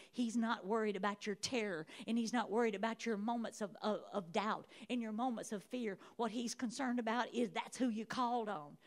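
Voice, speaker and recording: A woman preaching a sermon in a church, emphatic and repeating her phrases. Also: mid-range voice. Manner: emphatic, repeating phrases, rising to shouts of praise.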